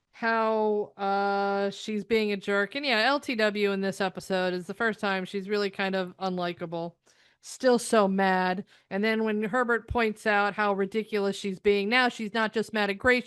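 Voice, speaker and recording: A woman's voice: on the high side, fairly bright tone, smooth, no room sound, clean studio sound. Sarcastic, exasperated woman ranting. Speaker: TV reviewer. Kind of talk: ranting episode review.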